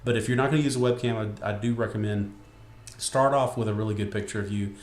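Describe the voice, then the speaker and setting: A webcasting instructor records his screen while teaching from a home room with a desk and window, his delivery casual and rambling, packed with fillers and restarts. He talks at a quick pace in a fairly low, fairly even voice, and the space is reverberant.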